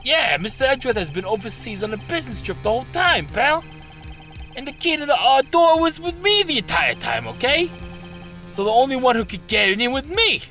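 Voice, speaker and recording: A man voicing an excitable, brash male police detective from a game, talking loudly. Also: very high-pitched, fairly quick, soft background music, voice pushed up, full character voice. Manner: brash, loud, ends with "pal". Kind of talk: game dialogue read aloud.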